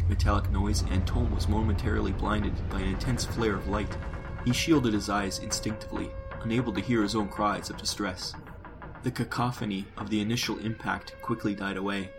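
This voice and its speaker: Brief: low-voiced man narrating a sci-fi audiobook over a music bed. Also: low-quality recording. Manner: measured, descriptive.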